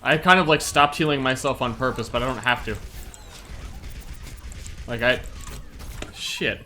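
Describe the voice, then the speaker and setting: A young man chatting casually while streaming a game, excitable and quick to laugh. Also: mid-range voice, a little hiss or hum. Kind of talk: casual gameplay commentary.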